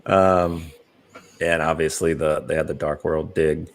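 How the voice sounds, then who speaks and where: Deep gravelly American man hosting. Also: level tone, a little slow. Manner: rambling, many fillers, laughs easily. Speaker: podcast host. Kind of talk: casual chat.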